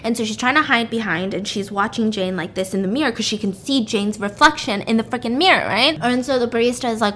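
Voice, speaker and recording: Woman, casual storyteller, acts out the lines, slightly high pitch, faint noise on the track. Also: brisk, few pauses. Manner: animated storytelling, acts out characters' lines, frequent "like" and "right?". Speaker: podcast co-host recapping a story. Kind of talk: casual chat, retelling a plot.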